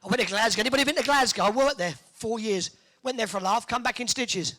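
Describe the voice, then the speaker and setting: A tournament MC, joking and teasing the audience during crowd warm-up banter in an indoor arena. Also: medium pitch, fast talker.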